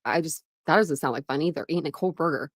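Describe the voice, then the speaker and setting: A woman's voice: low-pitched, fast talker, dry recording, studio quality. A woman hosting a casual livestream from home, chatting loosely, greeting viewers by name and laughing often. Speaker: livestream host.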